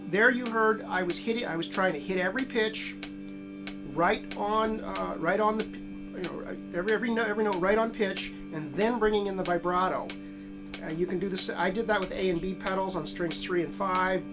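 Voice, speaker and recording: A man's voice: sits high, moderate pace. A man giving a steel guitar lesson, thinking aloud with many fillers and restarts. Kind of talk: instructional talk between playing.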